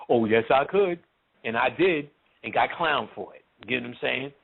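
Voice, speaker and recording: Gravelly profane teacher on a tinny line. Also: male voice, mid-range voice, lively intonation, fairly quick. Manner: profane, joking, acts out voices. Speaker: occult teacher. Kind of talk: casual teaching talk. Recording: tinny phone-like recording with faint hiss.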